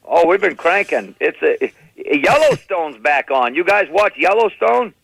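Middle-aged comic, brisk stand-up storytelling, lively impressions, slightly high voice, dry close sound. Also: male voice, creaky, no room sound, low-quality recording. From New England. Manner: animated, slips into impressions of relatives. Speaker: comedian telling family stories.

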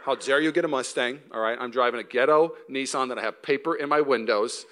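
A man's voice: mid-range voice, fast, a bit bright, a little hiss or hum, voice pushed down, natural voice. A man voicing an indignant, judgmental young churchgoer in a mock New Jersey accent. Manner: indignant, scolding.

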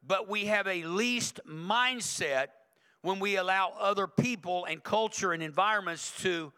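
Bright-voiced preacher. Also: male voice, high-pitched, unhurried, clear, resonant tone, big-room sound. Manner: conversational, emphatic preaching with repetition. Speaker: pastor. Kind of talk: sermon. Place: church sanctuary.

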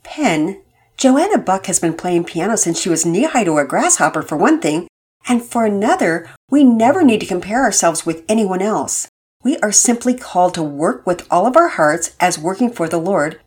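A woman voicing a homeschooling mother who speaks gently and encouragingly to her children. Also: mid-range voice, big pitch swings, normal speed, breathy edge.

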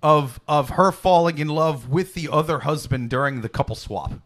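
A man hosting a comedy podcast, chatting casually and animatedly, swearing freely and slipping into loud mock voices. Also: a little high, moderate pace. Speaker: podcast host.

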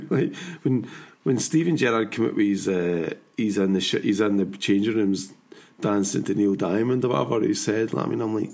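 A Scottish man in his forties hosting a podcast, chatting in a rambling, animated way and laughing often. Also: medium pitch, fairly quick, gravelly, slightly rough. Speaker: podcast host. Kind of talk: casual chat.

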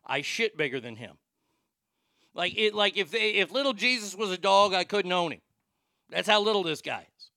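A man's voice: high-pitched, expressive, moderate pace, vocal fry, sharp tone, dry recording, clean studio sound. A man telling a crude, rambling, mocking story in a casual rant. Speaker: storyteller and prank caller.

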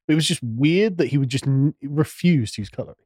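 A man's voice: on the high side, quick pace, a little mellow, slightly rough, no echo, clean studio sound. A man co-hosting a casual podcast chat, making joking, teasing remarks. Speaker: podcast co-host.

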